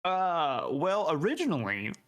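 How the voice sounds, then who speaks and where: A man's voice: on the high side, wildly swooping pitch, unhurried, fairly bright tone. Man with a goofy put-on cowboy drawl. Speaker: podcast co-host. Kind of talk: comedic podcast banter.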